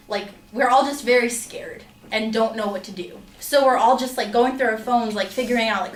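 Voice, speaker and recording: Young woman storyteller, slightly high voice, chatty filler-heavy delivery, roomy distant mic. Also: fairly bright tone, slight background noise. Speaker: student storyteller. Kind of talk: personal story told to an audience.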